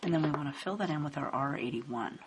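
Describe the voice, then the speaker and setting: A woman calmly narrating a step-by-step coloring tutorial, explaining each stroke as she works. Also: sits low, fast. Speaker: card-making instructor. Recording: faint hiss in background.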